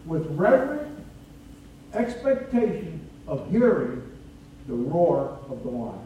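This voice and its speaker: A man preaching a sermon in a church, slow and deliberate, rising in force for emphasis. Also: fairly high pitch, sing-song, warm tone, slight background noise. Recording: echoey room from a distance.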